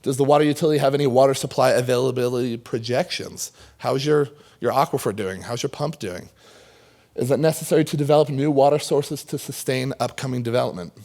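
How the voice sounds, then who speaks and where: A man finishing a conference panel presentation, running through a list of questions and then thanking the audience in a relaxed way. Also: medium pitch, fast.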